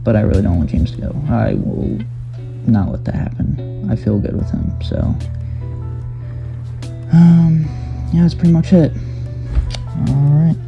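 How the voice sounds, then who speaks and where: A man recording a short confessional video diary as a game contestant, speaking slowly and hesitantly. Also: on the high side, sing-song, creaky, faint music behind. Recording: dull lo-fi recording.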